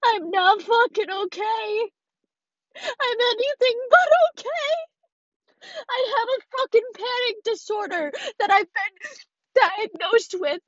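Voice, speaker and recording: A very high-pitched, tearful eighteen-year-old woman pours out a halting, emotional confession while sitting in her car. Her voice shakes with crying, and she swears heavily as she talks. The recording is dull and lo-fi, with a close, dry sound and no room echo. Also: fairly bright tone. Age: 18, late teens. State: crying, voice shaking. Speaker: podcaster. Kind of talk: raw confessional monologue. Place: inside a parked car.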